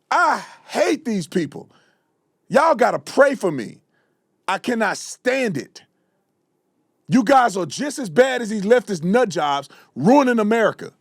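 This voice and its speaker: Fiery high-pitched man ranting. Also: no room sound, clean studio sound. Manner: fiery, ranting, repeats himself, slangy. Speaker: political commentary host. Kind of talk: heated reaction commentary.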